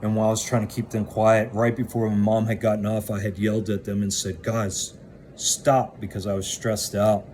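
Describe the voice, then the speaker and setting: A man's voice: lowish voice, monotone, fast talker, few pauses, warm tone, slight background noise. A man casually recounting his own past in a candid, blunt way that includes swearing. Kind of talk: casual first-person storytelling.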